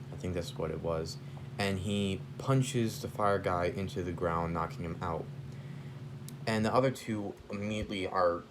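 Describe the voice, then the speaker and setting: A man's voice: sits low, noisy background. A man casually improvising a fan story, rambling and stopping to search for names.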